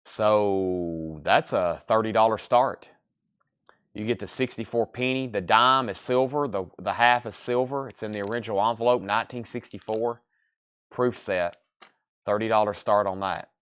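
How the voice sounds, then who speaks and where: A man's voice: on the low side, normal speed, a bit bright, smooth. A man hosting a live online sale, chatting in a folksy, easygoing salesman patter and sounding tired. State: sleepy, yawning. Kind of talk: live auction selling.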